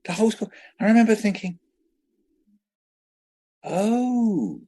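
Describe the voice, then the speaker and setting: A man in his seventies from England, a children's poet guest telling lively anecdotes in an interview and acting out the voices in them. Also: medium pitch, moderate pace, husky. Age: 70s. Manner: lively anecdotal storyteller who acts out voices. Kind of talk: conversational storytelling interview.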